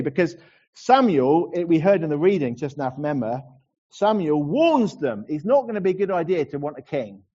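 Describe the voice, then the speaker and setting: A man's voice: on the high side, dark tone. A man preaching a conversational sermon, restarting words often and acting out short asides. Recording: dull lo-fi sound.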